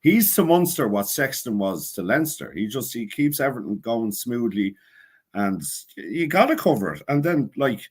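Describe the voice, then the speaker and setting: A man's voice: medium pitch, moderate pace, breathy edge. Brief: Dublin man, podcast guest, opinionated, voice swings up and down a lot. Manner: animated, opinionated. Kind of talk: casual podcast chat.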